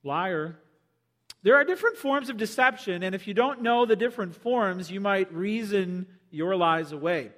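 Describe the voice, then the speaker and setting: Male pastor, high voice, animated sermon delivery, long reverb. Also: moderate pace. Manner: animated, acts out quoted voices.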